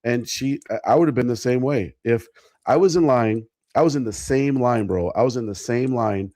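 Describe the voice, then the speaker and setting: A man's voice: medium pitch, normal speed, mellow, dry recording, studio quality. A man co-hosting a casual podcast, talking bluntly and jokingly with some swearing. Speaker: podcast co-host. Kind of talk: casual chat.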